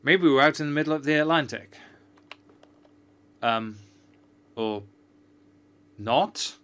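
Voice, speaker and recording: A man's voice: fairly high pitch, slow pace, fairly bright tone, smooth. Joking man playing a game. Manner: joking, chatty, sarcastic. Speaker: gamer. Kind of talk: let's-play commentary.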